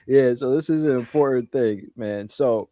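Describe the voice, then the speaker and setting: Relaxed man, dry close sound. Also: mid-range voice, normal speed, no echo. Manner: relaxed, fillers like "you know", "man". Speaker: podcast co-host. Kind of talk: casual chat explaining spiritual ideas.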